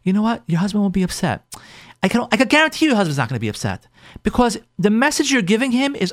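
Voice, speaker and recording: A man's voice: high voice, very animated, fast, no echo, studio quality. A man hosting a talk show as a rabbi, giving marriage advice emphatically, repeating phrases and acting out what spouses say.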